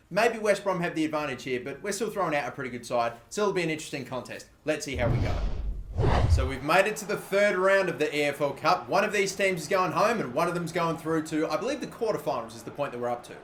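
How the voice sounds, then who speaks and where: Young man, gaming commentator, excitable, swears a lot, bright voice, echoey room. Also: fairly high pitch. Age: 20s. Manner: excitable, swears freely, loud frustrated outbursts. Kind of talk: live gameplay commentary. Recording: roomy echo.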